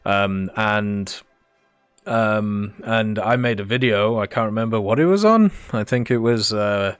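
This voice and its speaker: A man's voice: lowish voice, a little slow, clear, resonant tone, dry recording, faint music behind. A man answering viewer questions in a casual, rambling monologue with many fillers and restarts.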